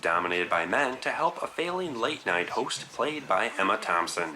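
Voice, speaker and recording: A man reading scripted entertainment news narration as a reporter, in a smooth, even newsreader delivery. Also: on the low side, normal speed. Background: film soundtrack music.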